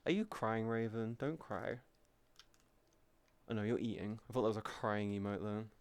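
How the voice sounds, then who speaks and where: A man chatting casually on a live stream, swearing freely, reading viewers' messages aloud and softly comforting them. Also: on the low side, moderate pace, clear, resonant tone. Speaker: VTuber streamer.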